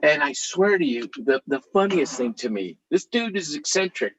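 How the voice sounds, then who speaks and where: A middle-aged man telling stories to a live audience in an animated, chatty way, laughing now and then as he talks. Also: a little high, moderate pace, husky, dull audio. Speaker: author.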